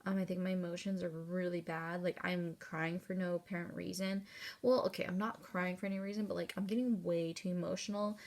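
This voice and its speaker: Gravelly, candid woman vlogger in her thirties. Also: on the low side, steady tone, brisk, darkish tone. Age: 30s. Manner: rambling and candid, with fillers and swearing. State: tearful, close to crying. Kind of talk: casual personal vlog.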